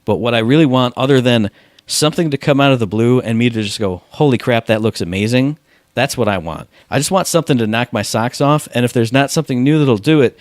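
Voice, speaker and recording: A man's voice: medium pitch, quick pace, no room sound, studio quality. A man co-hosting a casual gaming podcast, laid-back and joking as he spins wild stories. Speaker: podcast co-host.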